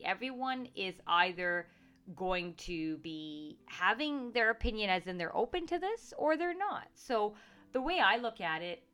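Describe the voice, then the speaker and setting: A woman with a medium-pitched, slightly bright voice talks casually to camera. A professional psychic, she speaks earnestly and reassures listeners, with many fillers and restarts.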